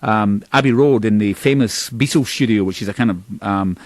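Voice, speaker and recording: This is a band's singer from Scotland, middle-aged, spinning meandering anecdotes during a radio interview in a self-deprecating, laughing way. He speaks at a moderate pace in a fairly low voice, with no room sound in the recording.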